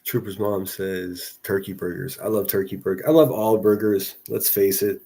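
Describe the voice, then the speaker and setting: A man's voice: lowish voice, fairly even intonation, moderate pace, warm tone, husky. A man from a northern US city hosting a casual livestream, rambling through commentary and reading chat messages aloud with frequent restarts. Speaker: livestream host.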